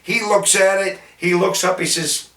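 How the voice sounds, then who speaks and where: A man from City, telling salty anecdotes about his bartending days in a lively, gesturing way. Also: high voice, a little slow. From Jersey City, New Jersey, US. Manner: animated, gestures while talking, salty. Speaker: storyteller, former bartender. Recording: roomy sound from a distant mic.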